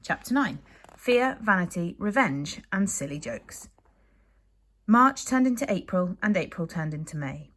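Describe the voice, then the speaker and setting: A woman from the UK, a primary school teacher, reading a children's book aloud to her class in a lively, expressive way. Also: mid-range voice, unhurried. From United Kingdom.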